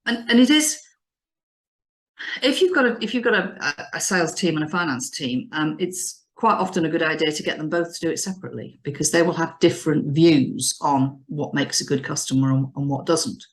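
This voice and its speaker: A woman business advisor explaining customer strategy in an animated, emphatic way, often restarting her phrases. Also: deep voice, brisk, hardly any pauses. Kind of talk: business advice discussion.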